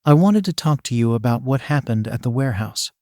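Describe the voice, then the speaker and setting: Polite menacing boss man, as a man reads him, smooth, courteous, even pitch. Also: fairly quick, no room sound, studio quality, close to an everyday voice. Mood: calm. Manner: smooth, courteous, quietly threatening. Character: calm polite menacing male villain boss.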